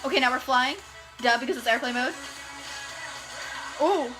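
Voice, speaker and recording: A woman's voice: high-pitched, moderate pace, low-quality recording. A young woman hosting a music video reaction, gushing, squealing and laughing as she watches. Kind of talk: excitable reaction commentary. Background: faint music from the video being watched.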